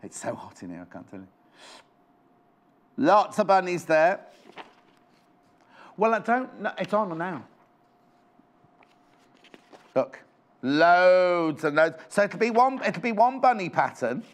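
A chatty man hosts a live TV shopping show from a studio, talking on a clip-on mic. His voice sits fairly high for a man and swoops up and down with lively energy as he fusses over each item he shows. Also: measured pace, pauses often. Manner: chatty, bubbly, fussing over items on show. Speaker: shopping channel presenter. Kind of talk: live TV sales chat. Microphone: clip-on microphone.

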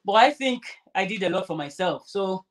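A woman's voice: mid-range voice, lively intonation, moderate pace. A woman vlogger chatting casually while sewing, rambling and restarting her sentences. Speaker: crafter vlogger.

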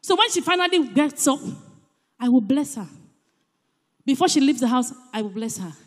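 Animated Nigerian woman in echoey church. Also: sits high, normal speed. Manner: animated, emphatic, shifts between loud and soft. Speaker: church speaker. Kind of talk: church talk on parenting. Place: church hall.

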